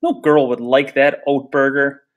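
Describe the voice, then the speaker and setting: A man reading aloud voices a brash, cocky teenage football player who scoffs in loud, incredulous outbursts. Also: medium pitch, level tone, measured pace, natural voice. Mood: scoffing.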